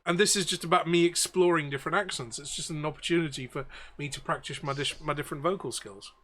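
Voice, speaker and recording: A man's voice: on the high side, steady tone, quick pace, pushed and bright. A man talking as game master, chatting casually out of game and explaining things in a rambling way.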